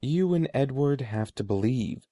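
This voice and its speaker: A man's voice: medium pitch, lively intonation, no echo, studio quality, lightly acted. A man voicing a solemn old sorcerer. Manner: slow, soft and solemn. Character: solemn old male sorcerer, gentle but ominous.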